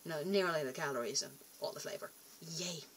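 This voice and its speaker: A woman's voice: low voice, a little fast, a little hiss or hum. A young woman rambling casually to camera in a vlog, chatty and self-deprecating, often trailing off and restarting. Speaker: vlogger.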